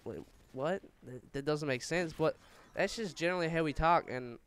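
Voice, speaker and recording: A man's voice: on the high side, a bit bright, smooth. A man with a Newfoundland accent, ranting casually over gameplay with many fillers and stumbles. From Newfoundland, Canada. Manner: rambling, stumbling, full of fillers; talks fast by habit. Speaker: gaming channel host.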